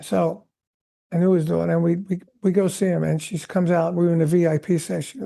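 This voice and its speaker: An older man, a veteran drummer, telling animated stories in a podcast interview and acting out the voices of the people he quotes. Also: high voice, brisk, gravelly. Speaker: guest drummer.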